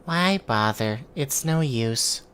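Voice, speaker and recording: A man's voice: medium pitch, animated, takes it slowly, a bit bright, slight background noise. A man putting on a raised voice for a meek, gloomy young boy in a game, speaking timidly and hesitantly. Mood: hopeless.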